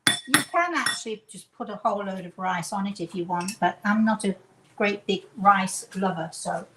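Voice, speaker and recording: English woman hosting a home cooking show, rambling and self-mocking, soft clatter of pots in the kitchen. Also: medium pitch, normal speed, a little hiss or hum, poor audio. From England. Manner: chatty, rambling, self-deprecating asides. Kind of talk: casual home cooking demonstration.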